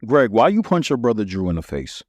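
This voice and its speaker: Man playing a stern mother, lecturing, questioning, lowish voice. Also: sing-song, fairly quick, darkish tone, dry recording, clean studio sound. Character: firm mother scolding her two sons.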